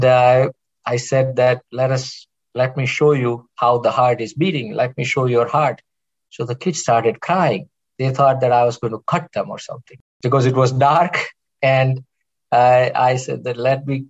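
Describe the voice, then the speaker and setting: A man's voice: mid-range voice, vocal fry, dull audio. A middle-aged man, a cardiologist guest, chatting casually and telling rambling stories with many restarts. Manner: rambling, warm storytelling with restarts. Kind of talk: casual interview chat.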